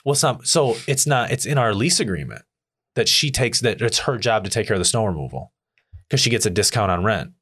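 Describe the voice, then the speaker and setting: A man in casual chat telling a profane, irritated story about his neighbor, acting out his rants in a much higher voice. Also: animated, a little fast, a bit bright.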